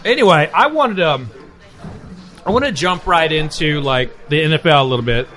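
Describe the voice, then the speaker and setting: A man's voice: a little high, expressive, moderate pace, a bit bright. A man hosting a food and drink podcast from a bar, talking in a loose, joking, rambling way. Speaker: podcast host. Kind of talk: casual chat.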